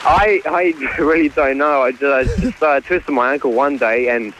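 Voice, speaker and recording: A man's voice: medium pitch, moderate pace, fairly bright tone. A man calling into a radio show, easygoing and laughing often. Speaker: caller. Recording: dull phone line with faint noise.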